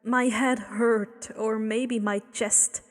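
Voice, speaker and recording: A woman reading a fanfiction story aloud in a slow, measured storytelling manner. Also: fairly high pitch, little pitch movement, big-room sound. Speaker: fanfiction reader.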